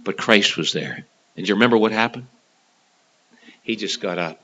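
A man preaching a sermon, dramatic, swinging from loud to hushed and often repeating and restarting words. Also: lowish voice, moderate pace, muffled recording.

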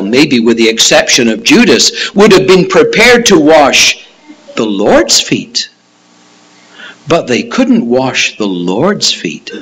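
A husky-voiced male preacher teaching slowly through a passage. His pitch swings widely, climbing high when he voices a protesting disciple and dropping low for quiet asides. The delivery is unhurried and deliberate. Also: poor audio. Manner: emphatic, acts out Peter's protests in a raised voice. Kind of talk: expository Bible teaching.

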